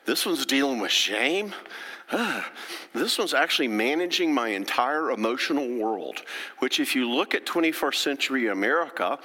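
Speaking to an audience in a hall with long reverb, this middle-aged man is a therapist whose lecture feels folksy and conversational, with regular check-ins. He has a mid-range voice, lively intonation, a normal speed and a sharp tone.

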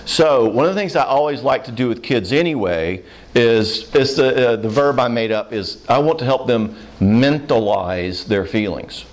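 A man's voice: mid-range voice, moderate pace. A middle-aged man answering audience questions in a casual seminar talk, telling stories and acting out the people in them. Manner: animated storyteller who acts out the people he quotes.

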